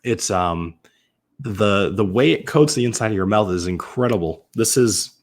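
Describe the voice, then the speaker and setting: A man from Massachusetts hosts a relaxed live-stream tasting in a fairly low voice. He talks loosely and chattily, trips over words, and corrects himself mid-sentence while answering viewers. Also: normal speed. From Massachusetts, USA. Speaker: whiskey reviewer hosting a live stream.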